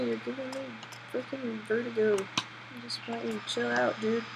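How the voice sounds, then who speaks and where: A woman doing let's play commentary, jittery and excitable, swearing at her character, on a built-in laptop mic. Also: on the high side, normal speed, creaky, background noise. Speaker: gamer.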